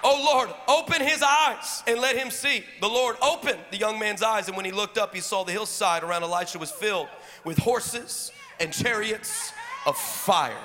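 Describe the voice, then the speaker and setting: High-voiced shouting preacher in a hall. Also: male voice, normal speed, noisy background. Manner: shouting, repetitive, call-and-response preaching. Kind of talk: sermon and prayer. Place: church sanctuary. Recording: long reverb of a large hall.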